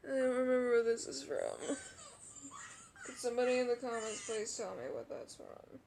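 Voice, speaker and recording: A woman's voice: on the high side, vocal fry, darkish tone, a little hiss or hum. A young woman commenting on a game, hiccuping and out of breath, laughing and gasping often. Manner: laughs a lot, gasping, drawn-out sighs. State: hiccuping, out of breath, chest aching. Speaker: roleplay gamer commenting on a game.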